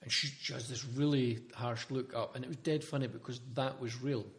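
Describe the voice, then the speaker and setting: A man with a Scottish accent, an actor guest telling casual, animated stories in an interview. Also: medium pitch, brisk. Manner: animated storyteller, colloquial.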